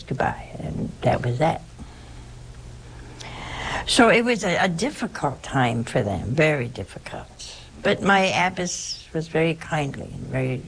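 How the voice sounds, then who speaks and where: An older woman with a low voice tells her memories slowly and haltingly. Her voice has a gravelly rasp, and she often restarts her sentences. A faint hiss sits under the recording. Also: low-quality recording. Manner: halting, repeats words, tag words like "see" and "you know". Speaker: nun recalling her life. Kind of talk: oral history storytelling.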